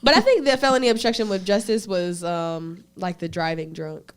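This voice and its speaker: A woman's voice: fairly low pitch, moderate pace, smooth. A woman co-hosting a podcast in casual chat, joking and slangy. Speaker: podcast co-host.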